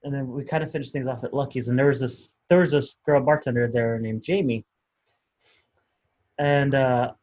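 A man's voice: mid-range voice, fairly even intonation, normal speed, a little mellow, lo-fi sound. A man co-hosting a podcast, telling a story in a rambling, hesitant way with laughs. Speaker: podcast co-host. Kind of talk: casual storytelling chat.

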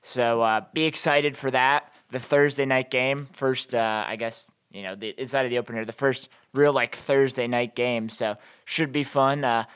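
A man co-hosting a sports podcast, talking in a relaxed, rambling way with plenty of fillers. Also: mid-range voice, moderate pace, few pauses, clear, resonant tone. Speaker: podcast co-host. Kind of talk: casual sports chat.

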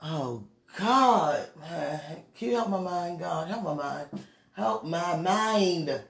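Lying in bed, a young woman talks to her viewers in a casual confessional vlog, taking it slowly with a fairly low, vocal-fry voice and lively intonation. Her sighs and dramatic muttered pleas to God shift between quiet murmurs and loud outbursts.

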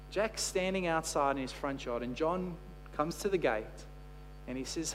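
A man preaches a sermon in a fairly high voice, moving from storytelling to emphatic, repeated phrases. His words ring out with a long reverb in a large hall, over a faint electrical hum. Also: moderate pace, a bit bright.

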